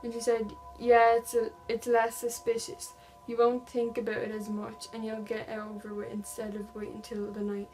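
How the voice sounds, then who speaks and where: A woman's voice: fairly high pitch, monotone, moderate pace, few pauses, a little mellow, faint music behind, rough recording. A young woman vlogger casually retelling a true-crime story, reading text messages aloud with lots of "like" fillers.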